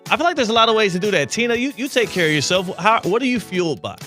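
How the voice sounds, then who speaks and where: Bright-voiced male sports radio host. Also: sits high, expressive, racing, faint music behind. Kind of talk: casual sports radio chat.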